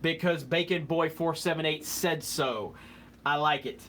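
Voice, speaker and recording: Young male streamer, slightly high voice, rambling and jokey, faint hiss behind. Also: measured pace, a bit bright. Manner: joking, rambling, fumbles over words. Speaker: live stream host reading chat. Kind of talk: casual live stream chat.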